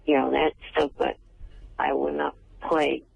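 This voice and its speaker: A man's voice: mid-range voice, level tone, measured pace, vocal fry, breathy edge, no room sound. A man calling in as a show guest, refusing things bluntly over a phone line. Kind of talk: casual talk over the phone.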